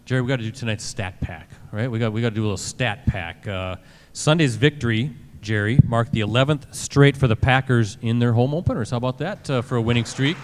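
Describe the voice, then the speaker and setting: A man's voice: medium pitch, brisk, big-room sound, slight background noise. Man hosting a live sports show. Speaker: host.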